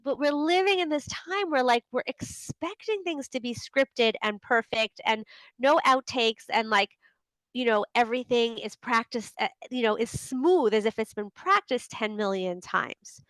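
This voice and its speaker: A woman's voice: fairly high pitch, a little slow, fairly bright tone, no echo, poor audio. A woman hosting a casual group video call, chatty and full of fillers, who often acts out inner voices. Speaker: host of a group coaching call. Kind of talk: casual talk to an online group.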